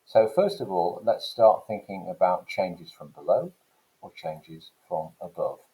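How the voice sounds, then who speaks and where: A man teaching an English language lesson, explaining points in a relaxed lecture with frequent "okay" and "so" fillers. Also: low-pitched, a little slow, poor audio. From England. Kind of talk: classroom lecture.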